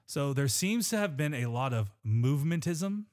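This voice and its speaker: A man's voice: fairly high pitch, expressive, normal speed, darkish tone. A man, co-hosting a podcast, reading scripture and chatting in an earnest, rambling way with restarts. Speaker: podcast co-host. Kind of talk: scripture reading and casual chat.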